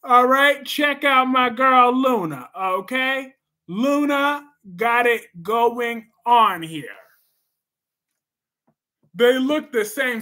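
A man hosting a casual livestream, reacting to viewer comments with animated repetition. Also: extremely high pitch, drawn-out words. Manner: animated, repeats phrases for emphasis. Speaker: livestream host reading comments.

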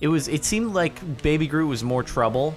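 A man hosting casual gaming commentary, animated and quick to exclaim and laugh. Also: fairly high pitch, soft background music. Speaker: host.

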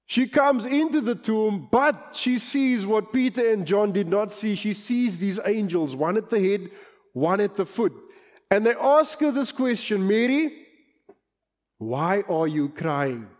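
A middle-aged man with a South African accent preaches from the pulpit, his voice sitting high for a man. He leans on key words and stretches them out, and the sound carries the long reverb of a church hall. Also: unhurried, darkish tone. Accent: South African English. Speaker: pastor. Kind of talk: sermon.

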